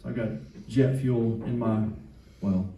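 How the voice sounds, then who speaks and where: A man in his fifties from Atlanta, with a Southern accent, performs a self-deprecating, rambling stand-up set on a club stage before a live audience. His mid-range voice is steady, measured and dark-toned. The distant mic picks up an echoey room, crowd laughter and slight background noise.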